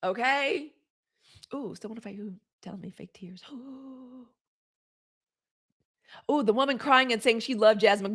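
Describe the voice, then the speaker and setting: A woman hosts a casual livestream, her voice sitting a little high. She talks in an animated, conversational way, breaking off to read and answer viewers' comments. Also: measured pace, pauses often. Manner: animated, reads live comments aloud. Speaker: host.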